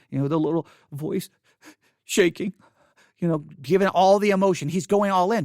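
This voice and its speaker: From his home studio in Texas, a podcast host delivers impassioned commentary in a high, gravelly voice, the sound clean with no echo. He pleads earnestly, repeating phrases for emphasis.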